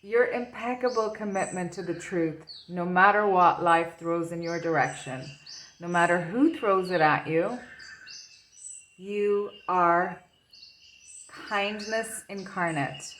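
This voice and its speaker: A woman's voice: mid-range voice, slow pace, a bit bright, slight background noise. A woman giving an intuitive tarot reading, dreamy and gushing with wonder at the cards. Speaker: tarot reader.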